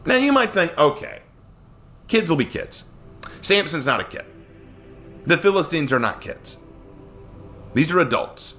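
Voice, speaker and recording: A man teaching a casual Bible study, expressive and acting out quoted lines in character voices. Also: a little high, moderate pace, long pauses, soft background music.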